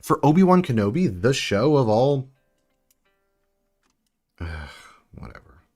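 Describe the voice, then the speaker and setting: A man's voice: mid-range voice, big pitch swings, a little slow, a little mellow, faint music behind. A man hosting a casual building live stream, rambling and chatting with viewers as he works. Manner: chatty, rambling, answers chat while building. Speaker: livestream host building sets.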